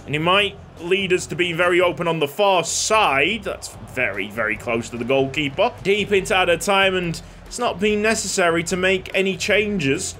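A man giving excitable play-by-play commentary on his own football video game, shouting and laughing when goals go in. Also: sits high, normal speed, few pauses, a little hiss or hum. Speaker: gaming YouTuber.

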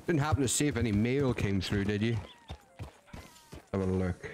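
A man's voice: fairly low pitch, moderate pace, pauses often, darkish tone, slight background noise. A man streaming a western roleplay, talking in a folksy drawl, swearing and joking as his character. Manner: drawling folksy cowboy talk, swearing, laughing at himself.

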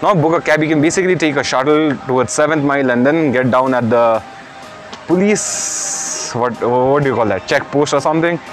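A man's voice: medium pitch, quick pace, few pauses. Young man, casual vlog chat, says bro, faint background music. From Kalimpong, India. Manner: chatty, mixes in Nepali and Hindi words, says bro a lot. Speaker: vlogger. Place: cafe, outdoors and inside.

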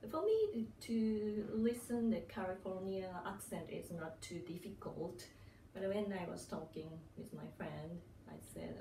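Japanese-accented woman, vlog host, slow and pausing, distant mic in an echoey room. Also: on the low side, expressive, creaky, dark tone, slight background noise. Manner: unhurried, many pauses and fillers, frequent laughs. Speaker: channel host. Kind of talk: casual storytelling vlog.

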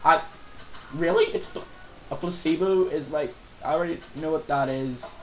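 A man's voice: on the high side, normal speed, echoey room, soft background music, poor audio. A man giving casual, rambling let's play commentary, joking and reading game lines aloud.

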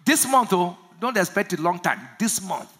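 A pastor from Nigeria preaching a sermon, asking the congregation to finish his lines and swinging from low murmurs to loud shouts. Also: expressive, moderate pace, noisy background. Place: church service.

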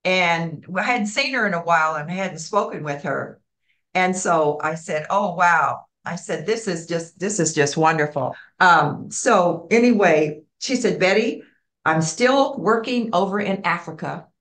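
Older woman, interview guest, animated storytelling, acts out quoted voices, lowish voice. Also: measured pace. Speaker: community program founder, guest.

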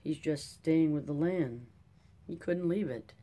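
A reader voicing a solemn former preacher who speaks quietly and gravely, in an audiobook telling. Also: medium pitch, unhurried, close to an everyday voice. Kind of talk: audiobook character reading.

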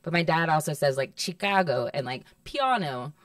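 A woman's voice: deep voice, brisk, dry recording, clean studio sound, recorded from a distance. A woman chatting casually on a podcast, rambling and laughing as she tells family stories. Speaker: podcast guest. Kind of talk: casual chat.

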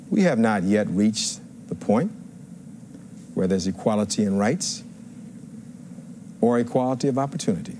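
A man's voice: fairly low pitch, a little mellow, slight background noise. Emphatic male lawyer delivering a closing argument. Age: 50s. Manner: emphatic, rhetorical, with repetition and rising crescendos. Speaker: defense attorney. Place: courtroom.

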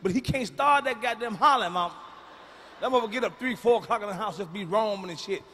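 High, bright, profane stand-up comedian. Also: male voice, quick pace, slight background noise. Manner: profane, blunt, and booming, with shouted punchlines. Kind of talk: stand-up routine. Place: large concert venue. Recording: live stage mic in a reverberant arena.

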